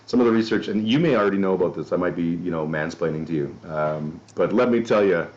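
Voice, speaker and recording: A man's voice: deep voice, fast, darkish tone. A man hosting a podcast in a casual chat, rambling loosely with casual swearing and self-deprecating asides. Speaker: podcast host. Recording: dull lo-fi audio.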